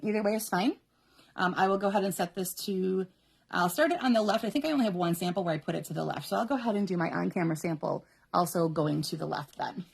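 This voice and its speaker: A woman's voice: on the low side, fast talker, gravelly, breathy edge. A woman hosting a live card-making demonstration, chatty and instructional, laughing often as she talks viewers through each step. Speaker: papercraft host.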